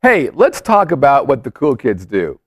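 Male host, casual chat show, joking, rambling, lively pitch, dry close sound. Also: moderate pace, dry recording. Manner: joking, rambling, self-mocking.

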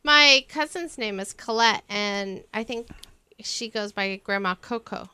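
A woman's voice: medium pitch, unhurried, bright, forceful tone, smooth, no echo. A middle-aged woman co-hosting a podcast, chatting in an easygoing way. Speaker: podcast co-host. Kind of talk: casual chat.

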